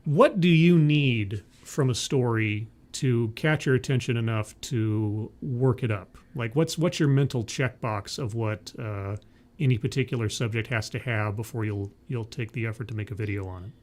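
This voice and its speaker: A man hosting a live-streamed interview show, chatty and energetic, often correcting himself mid-sentence. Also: mid-range voice, normal speed.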